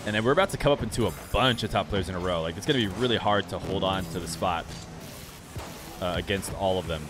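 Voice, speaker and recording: A young man streaming a game and chatting casually with his viewers in a relaxed, rambling way. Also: sits low, quick pace. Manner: relaxed, rambling, talks straight to chat. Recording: music playing clearly behind the voice.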